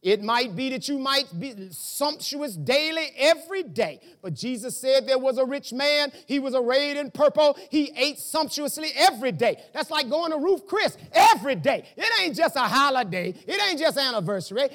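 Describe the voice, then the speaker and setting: A man preaching a sermon as pastor, asking rhetorical questions and breaking into shouts. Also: very high-pitched, animated, normal speed, few pauses.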